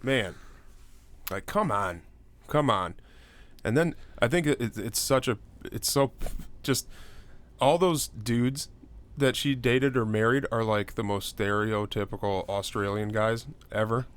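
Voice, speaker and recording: Laid-back low-voiced podcast guy. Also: measured pace, fairly bright tone. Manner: loose and rambling, many fillers, breaks into high mocking voices. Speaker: podcast co-host. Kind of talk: casual true-crime podcast chat.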